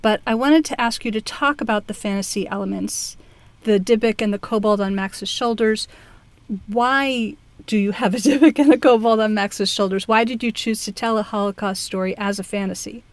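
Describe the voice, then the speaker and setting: Female podcast host, mid pitch, enthusiastic questioner, dry close mic. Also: normal speed, dry recording. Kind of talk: interview questions.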